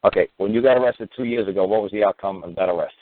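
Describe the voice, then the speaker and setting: A man's voice: fairly low pitch, racing, no echo. A man hosting a call-in talk show, blunt and sarcastic, breaking into profane rants. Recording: tinny phone-line sound with faint noise.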